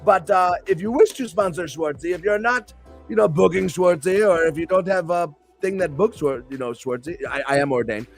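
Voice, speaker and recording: A man's voice: high-pitched, normal speed, creaky, soft background music. A male host and pro wrestler chatting on a live stream show in a hyped, rambling, playful way.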